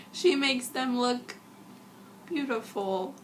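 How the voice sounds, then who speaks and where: A young woman vlogger rambling through a casual fan review, gushing and giggly, a little sick and husky. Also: on the high side, drawn-out words, slight background noise.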